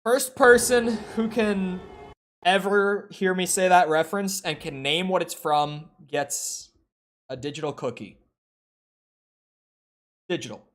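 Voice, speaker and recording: A man's voice: sits high, slow, long pauses. A man chatting casually with viewers during a live gaming stream, rambling and swearing freely. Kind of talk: casual live-stream chat while playing.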